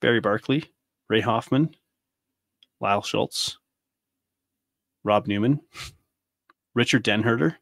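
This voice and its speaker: A man's voice: on the low side, takes it slowly, vocal fry, long pauses, a bit bright, dry recording, studio quality. A man in his thirties hosting a podcast, delivering an angry, impassioned monologue full of rhetorical questions. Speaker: podcast host.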